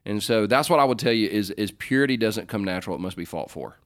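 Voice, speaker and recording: A middle-aged man with a fairly low voice answers listener questions in a casual faith chat. He jokes, rambles, and corrects himself as he goes. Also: expressive, fast. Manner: joking, rambling, self-correcting.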